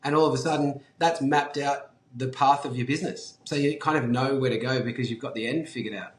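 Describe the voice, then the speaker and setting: Recorded in an echoey room, a man who founded a business chats as an interview guest, telling relaxed stories, laughing a lot, and swearing casually. He speaks a little fast in a mid-range voice.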